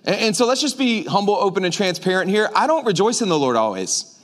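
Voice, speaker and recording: A man's voice: sits high, fast talker. A man preaching a casual, joking sermon to his church, talking with the congregation as he goes. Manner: joking, conversational, animated preaching with audience asides. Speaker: pastor. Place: church sanctuary.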